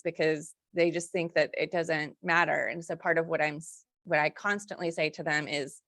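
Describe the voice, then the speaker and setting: A woman's voice: on the low side, moderate pace, no echo, studio quality. A woman speaking as a faculty fellow on a panel, in a conversational way with many fillers and self-corrections.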